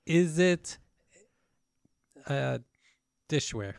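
A man co-hosting a casual podcast, relaxed and teasing, leading the segments. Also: on the high side, very slow, creaky, clean tone, no room sound, clean studio sound. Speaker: podcast co-host. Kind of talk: casual chat.

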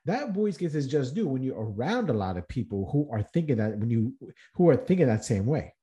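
A man's voice: medium pitch, very animated, a little fast, warm tone. A man hosting a podcast, speaking in an earnest motivational monologue with rhetorical questions and frequent restarts. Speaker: podcast host.

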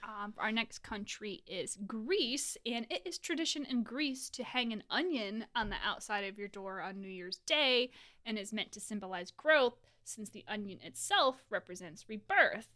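A woman's voice: mid-range voice, lively intonation, moderate pace, sharp tone. A woman co-hosting a casual podcast, reading out facts and laughing and swearing freely. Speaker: podcast co-host. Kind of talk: casual chat.

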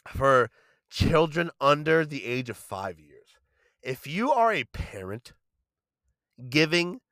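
A man's voice: on the high side, sharp tone, no echo. A man hosting a podcast, ranting in a heated, profane and emphatic way. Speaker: podcast host.

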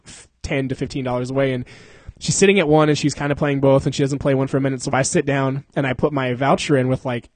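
A man's voice: fairly high pitch, darkish tone, no room sound. Profane, laughing man telling stories. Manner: profane, laughs often, acts out people in the story. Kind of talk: casual storytelling chat.

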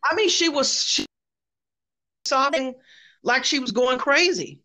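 Animated woman telling a story. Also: high-pitched, measured pace. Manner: animated, keeps repeating "I said". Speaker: caller telling a workplace story. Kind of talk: casual storytelling.

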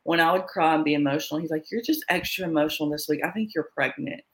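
A young woman, a guest in an interview, candidly recounting a personal story with quick asides and fillers. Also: low voice, low-quality recording.

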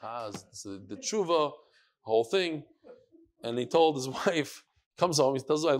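A man teaching a Talmud class, telling stories in a lively way and sprinkling in Hebrew and Yiddish terms. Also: medium pitch, unhurried. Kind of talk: animated storytelling lesson.

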